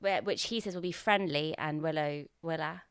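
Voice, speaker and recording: A woman's voice: low voice, moderate pace, smooth. A woman co-hosting a podcast, chatting casually and rambling as she recaps a TV episode, often correcting herself. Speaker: podcast co-host.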